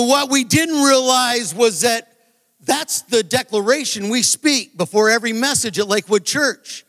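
A man giving a sermon testimony, telling a story that builds to loud, emphatic moments, recorded live in a large church. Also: very high voice, a little slow. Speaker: guest preacher. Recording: live church hall reverb.

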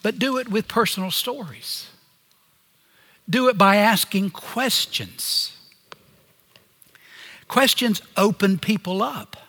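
Male preacher, high voice, slow deliberate sermon delivery, earnest. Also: lively intonation, pushed and bright, in a large hall. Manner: earnest, pausing preaching with phrases dropping low at the end.

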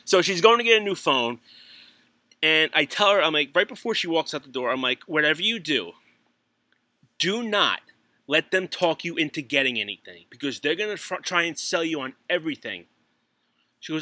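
A middle-aged man telling stories in casual chat as a podcast co-host, animated, laughing often and swearing. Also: fairly high pitch, moderate pace, dry recording.

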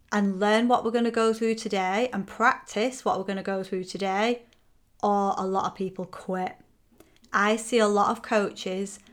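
A woman hosting a motivational podcast, talking frankly and energetically and acting out listeners' complaints. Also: mid-range voice. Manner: frank and energetic, acts out quoted complaints, swears casually. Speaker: podcast host and coach.

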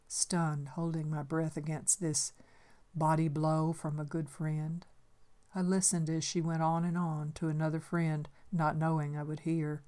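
Low-voiced older woman reading her memoir. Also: flat delivery, a little slow. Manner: gentle, reflective storytelling. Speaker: storyteller. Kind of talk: reading a personal memoir aloud.

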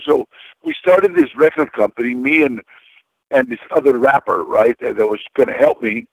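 A man's voice: medium pitch, big pitch swings, normal speed, vocal fry, no echo, poor audio. A man guest in an interview, telling casual stories in a rambling way, with many repeated words and fillers.

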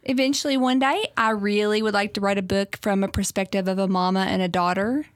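A woman in her forties with a Southern accent chats in an easy, giggly way. Her voice is mid-pitched and recorded dry and close. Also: steady tone, a little fast, no echo. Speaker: guest. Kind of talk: casual chat.

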